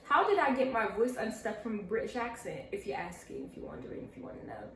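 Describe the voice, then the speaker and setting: A woman's voice: a little high, quick pace. Chatty young woman in an echoey room. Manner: animated, chatty, acts out quoted voices. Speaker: vlogger answering viewer questions. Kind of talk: casual storytelling Q&A. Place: indoors at home, seated with a pillow. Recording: echoey room, mic at a distance, faint hiss.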